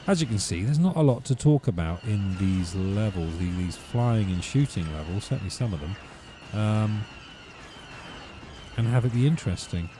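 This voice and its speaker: A man's voice: on the low side, lively intonation, moderate pace, dark tone, a little hiss or hum. A man hosting a let's play, rambling through wry, ranting commentary while he plays.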